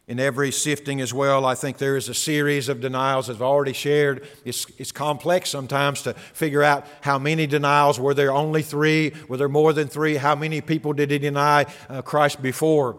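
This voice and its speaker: A man's voice: medium pitch, little pitch movement, normal speed, few pauses, a bit bright, in a large hall. A man preaching an expository sermon, earnest and emphatic, often repeating his key phrases.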